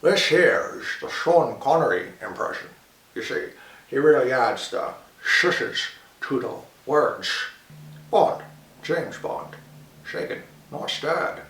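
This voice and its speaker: A man's voice: mid-range voice, animated, slow pace, a bit bright. A man doing an impression of a suave older actor with a slushy lisp. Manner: slurred lisping s sounds. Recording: echoey room, far from mic.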